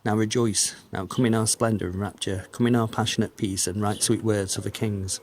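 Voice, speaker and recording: A man giving a measured, declamatory reading of an old religious text. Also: on the low side, fairly even intonation, a little mellow, a little hiss or hum. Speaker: reader.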